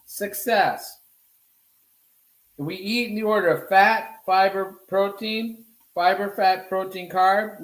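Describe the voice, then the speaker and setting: A man's voice: high voice, fairly bright tone, echoey room, low-quality recording. A man giving a casual cooking demonstration, talking to viewers as he cooks and answering his own questions. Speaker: cooking instructor. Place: home kitchen.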